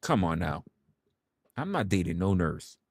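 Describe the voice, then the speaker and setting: Young man livestream host, low and very lively voice, casual and profane storyteller. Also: a little slow, no room sound, studio quality. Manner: animated, profane, acts out quotes.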